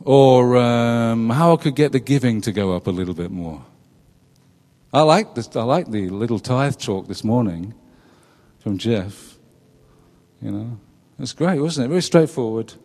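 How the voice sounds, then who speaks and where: A man's voice: medium pitch, animated, unhurried, a little mellow, in a large hall. A middle-aged man preaching a conversational sermon, often turning questions to his listeners. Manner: chatty, asks the congregation questions, laughs at his own jokes. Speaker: pastor. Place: church.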